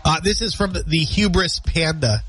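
A man's voice: a little high, normal speed, over music. A male radio morning show host with a nasal, congested voice, bantering upbeat from the studio.

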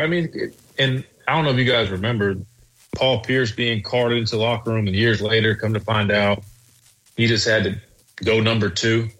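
A man's voice: lowish voice, a bit bright, low-quality recording. A man co-hosting sports talk radio, hedging and rambling through his take with many restarts.

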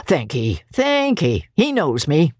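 A woman's voice: sits low, wildly swooping pitch, takes it slowly, darkish tone, no echo, clean studio sound, full character voice. A woman voicing a joyful old man, a reformed miser who is eager and effusive. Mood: delighted.

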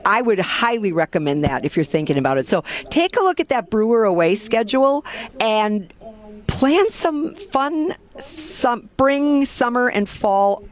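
A woman's voice: on the high side, very animated, unhurried. A woman, a travel advisor chatting casually and upbeat as a guest on a radio show. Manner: chatty, upbeat, laughs easily.

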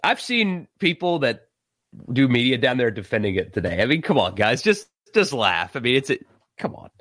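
A man from South Carolina, hosting a casual live sports talk stream, animated and exasperated. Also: mid-range voice, measured pace, no echo, studio quality. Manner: animated, exasperated, laughs and sighs.

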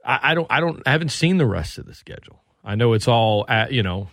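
A man's voice: medium pitch, lively intonation, quick pace, fairly bright tone, no echo, clean studio sound. A man hosting a sports radio talk show, chatting loosely and reading plugs and promos for upcoming shows. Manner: conversational, reads station plugs and promos.

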